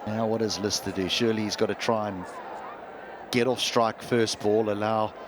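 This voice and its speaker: A man's voice: lowish voice, fairly even intonation, normal speed, crowd noise, background noise. A man giving cricket analysis in a reflective, questioning way. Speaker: cricket commentator and pundit. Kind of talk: live sports commentary.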